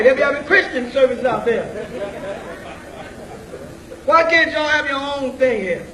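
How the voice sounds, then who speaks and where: Speaking unhurriedly with long pauses, a man with an extremely high-pitched voice lectures a group in a blunt, casual way, checking in over and over with "you know what I'm saying?". Crowd noise and faint ambient sound fill the echoey room, picked up by a distant mic.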